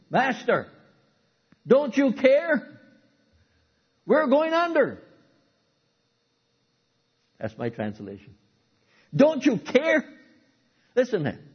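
A man preaching a sermon, who swings from loud, dramatic outbursts to low, hushed asides. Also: husky, dull audio.

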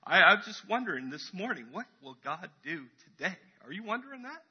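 A man's voice: high-pitched, very animated, fairly quick, breathy edge, dull audio. A man preaching a casual, chatty sermon in church, acting out crowd voices as he tells the story.

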